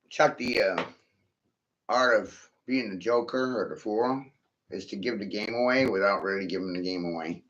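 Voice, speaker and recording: A man's voice: on the low side, normal speed, a bit bright. Guy ranting and cursing to himself, keeps laughing and saying right?, dull muffled lo-fi audio. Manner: swears freely, laughs often, asks "right?". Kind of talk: rambling profane monologue. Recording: dull lo-fi recording.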